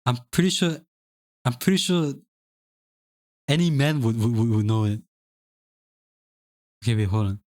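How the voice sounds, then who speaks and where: A young man chats on a live stream in a loose, rambling way. He restarts phrases often and laughs easily. His voice sits at a middling pitch. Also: expressive, measured pace, long pauses, darkish tone. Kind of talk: casual chat.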